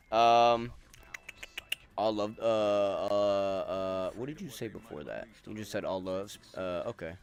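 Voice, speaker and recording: A man's voice: fairly low pitch, unhurried, smooth. A young man streaming a game, chatting loosely with friends and chat in profane, rambling banter. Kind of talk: casual gaming stream chat.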